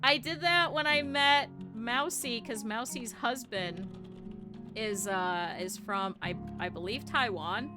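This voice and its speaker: A woman streamer telling stories to her chat in a casual way. She is animated, laughs often and swears casually. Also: a little high, slow. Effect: cartoon avatar streamer, talking over game music.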